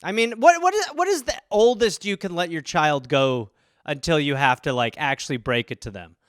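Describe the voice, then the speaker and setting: Podcast host, male, rambling comedic monologue; bright, smooth tone, dry close sound. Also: a little high, lively intonation, moderate pace, no room sound. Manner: rambling, acts out voices in bits.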